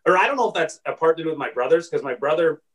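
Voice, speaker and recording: A man's voice: on the high side, expressive, very fast, a bit bright, far from the mic, rough recording. A man telling rowdy stories as a comedian guest in a casual podcast chat, rambling, swearing and acting out voices. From Saskatchewan, Canada.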